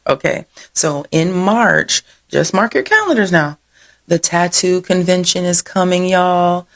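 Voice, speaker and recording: A woman host with a low voice and a gravelly, fry-edged texture. She runs through local happenings in a loose, chatty way. She wanders into side stories, laughs easily and keeps saying "y'all". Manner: rambling, digressive storytelling; says "y'all" often. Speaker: host of a local events show. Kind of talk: casual chatty event rundown.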